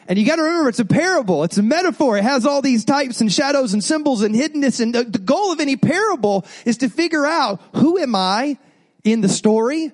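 Male pastor, high-pitched, lively storytelling sermon with congregation call-outs. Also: fast talker. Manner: animated storytelling with asides to the congregation.

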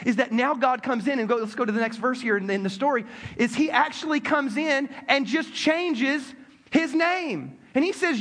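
A man preaching a sermon in a conversational way, with quick asides, acted-out quotes and frequent restarts. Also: extremely high pitch, a bit bright. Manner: repeats words as he restarts. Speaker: pastor.

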